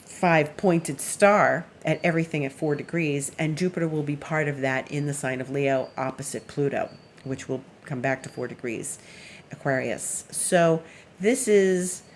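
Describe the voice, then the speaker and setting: A woman's voice: deep voice, normal speed, a little hiss or hum. A woman astrologer giving a casual weekly forecast, chatty and meandering, who laughs while telling stories.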